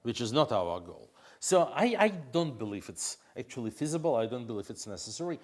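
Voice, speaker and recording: With brisk speech and big swings in his medium-pitched voice, a Russian opposition politician responds to interview questions in English. Russian is his first language, and he hesitates a lot, filling pauses and restarting his sentences frequently.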